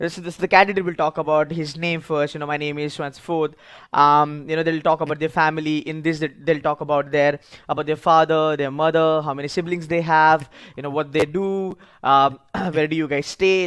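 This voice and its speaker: A middle-aged man with an Indian English accent, a blunt and emphatic interview coach lecturing students and often repeating words. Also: sits high.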